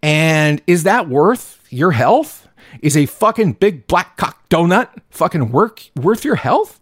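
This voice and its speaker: Ranting profanely and heatedly on his own podcast, a man from the US Pacific Northwest keeps stumbling and starting his sentences again. His voice sits high and swoops wildly, moving at normal speed, captured in clean studio sound with no echo.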